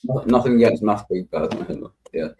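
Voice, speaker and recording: A man's voice: lowish voice, expressive, normal speed, very noisy. A man chatting casually in a group stream, laughing often and leaning on fillers like "yeah" and "like.". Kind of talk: casual chat.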